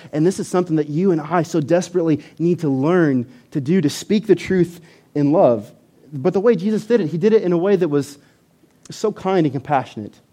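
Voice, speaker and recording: A man preaching a sermon to a church audience, animated and emphatic, often repeating words. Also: fairly high pitch.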